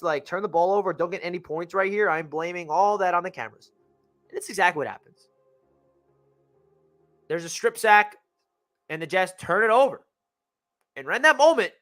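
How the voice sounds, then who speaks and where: A young fan channel host recaps a sports game, talking fast and excitedly and often circling back to correct details. His high voice sounds bright and forceful, with faint music underneath.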